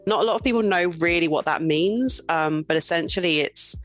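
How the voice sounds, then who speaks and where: A young adult woman, a guest in a casual interview, talking in a lively way and laughing often. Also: on the low side, brisk, faint music behind.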